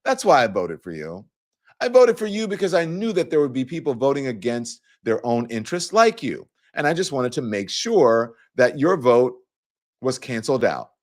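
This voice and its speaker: Animated male talk show host. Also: mid-range voice, moderate pace. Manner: animated, mocking, acts out quoted voices. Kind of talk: casual opinion talk to viewers.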